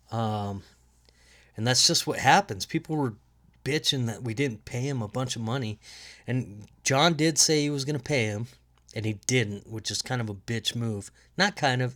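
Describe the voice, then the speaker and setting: A man's voice: mid-range voice, a bit bright. A man hosting a casual solo sports podcast from home, with a nasal voice and a rambling, profane way of talking. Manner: rambling, profane, laughs at own jokes. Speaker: podcast host.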